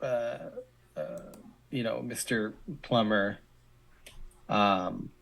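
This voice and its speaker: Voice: mid-range voice, very slow, creaky, a bit bright. A game master narrating a tabletop roleplaying game, talking hesitantly with many restarts.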